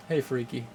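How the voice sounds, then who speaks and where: A man casually chatting on a live stream, rambling with many fillers, chuckling often and greeting viewers in chat. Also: slight background noise. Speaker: streamer hosting a game channel.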